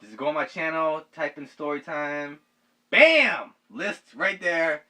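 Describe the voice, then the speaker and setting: Telling a story to his viewers in a relaxed, slang-filled way, a young vlogger swears and chuckles at his own tale. His voice is a little high, slow, pushed, and bright, and sits somewhat far from the mic.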